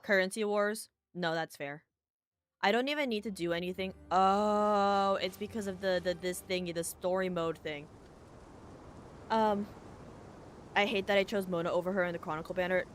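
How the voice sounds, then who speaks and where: A woman's voice: medium pitch, normal speed. A woman streamer giving rambling, casual commentary as she plays, thinking aloud and swearing often. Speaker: game streamer. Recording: streamer mic with loud game music.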